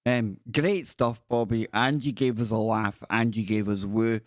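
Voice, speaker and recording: A man's voice: lowish voice, steady tone, measured pace, dry recording, clean studio sound. A man hosting a paranormal call-in show, chatting casually and calling callers "man" and "dude". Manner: friendly, says "man" and "dude" often. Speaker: radio show host.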